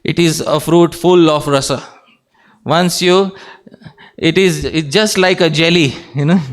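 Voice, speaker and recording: A man teaching a devotional class, keeping the room involved with questions and a repeated affectionate address. His voice sits on the higher side for a man. He breaks into light laughs between his points. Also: a little slow. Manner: engages audience with questions, repeats "dear devotees". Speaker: speaker giving a scripture class.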